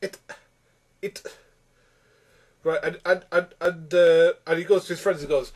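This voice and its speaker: A man's voice: fairly high pitch, steady tone, unhurried, pauses often. A man ranting through a film review, exasperated and rambling with many restarts.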